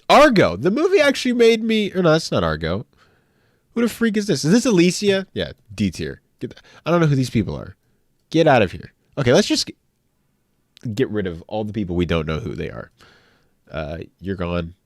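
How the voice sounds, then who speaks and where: A young man talks casually on a live stream and keeps joking back at his chat. His pitch swings widely from low mutters to sudden high bursts. The sound is dry and close to the mic, with no room echo.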